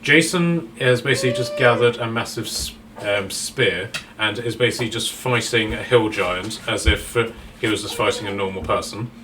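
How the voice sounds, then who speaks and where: A man's voice: lowish voice, normal speed, few pauses, recorded from a distance, noisy background. Man narrating as game master. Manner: rambling, with frequent fillers and restarts.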